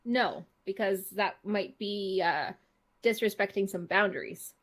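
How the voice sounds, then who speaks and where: A woman co-hosting a podcast in casual chat, telling stories with animated quotes. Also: mid-range voice, unhurried. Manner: animated storytelling, acts out her own quotes. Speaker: podcast co-host.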